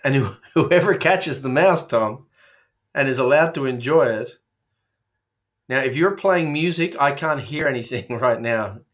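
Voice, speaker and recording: A man in a loose, jokey conversation, wandering from one silly idea to the next with plenty of "uh"s and restarts. He talks at an ordinary middle pitch, and his voice comes through a remote call line. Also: unhurried. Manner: rambling, playful, absurd tangents with frequent fillers. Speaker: co-host. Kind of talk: casual comedic chat.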